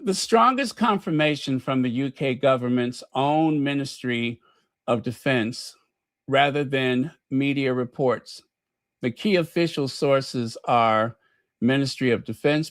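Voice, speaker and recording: A man's voice: medium pitch, dry recording. Man doing casual podcast commentary, folksy storyteller, dry close sound. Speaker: podcast host.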